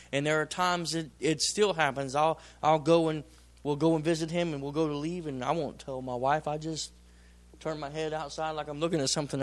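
A man preaching a sermon in a plain-spoken, folksy way, swinging from loud emphatic bursts to slow drawn-out phrases. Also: on the high side. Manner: folksy, plain-spoken, tells personal stories. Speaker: pastor.

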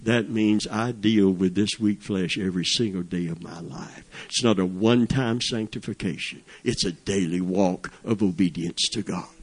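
A man's voice: fairly low pitch, normal speed, few pauses. An older man preaching a sermon in a fervent, folksy way, calling out praise as he teaches.

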